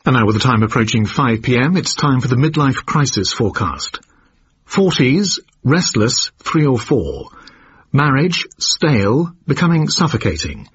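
An actor playing a radio announcer reading a mock forecast in clipped, measured phrases. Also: male voice, mid-range voice, sing-song, breathy edge, muffled recording, full character voice. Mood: solemn.

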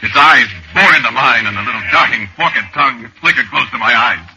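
In a hissy, muffled old recording of a 1940s radio drama, a man narrates a frightening dream in the first person with tense, dramatic delivery. His mid-range voice is brisk and sharp.

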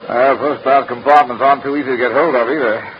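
An actor playing a breezy, jovial young Australian army lieutenant with an Australian accent and slangy talk in an old radio drama. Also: male voice, medium pitch, fairly even intonation, fast talker, close to an everyday voice. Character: cheery Australian light horse lieutenant, young man. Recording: dull old radio recording with faint hiss.

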